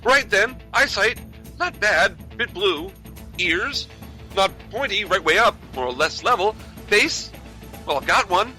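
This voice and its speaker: A man reads a newly regenerated Doctor, puzzled and fussy, in an American accent. The voice sits high and swoops about. The tone is very bright, with faint music underneath. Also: animated, heavily acted. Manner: read aloud from a script, quick and quizzical. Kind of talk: podcast script read-through.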